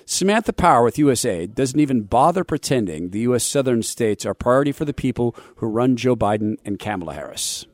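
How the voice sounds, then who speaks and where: A man's voice: mid-range voice, a little fast, few pauses, dry recording. Sarcastic guy hosting a church talk show, voice jumps all over, dry close sound. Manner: sarcastic, animated, preachy. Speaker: radio show host. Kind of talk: commentary, mocking soundbites.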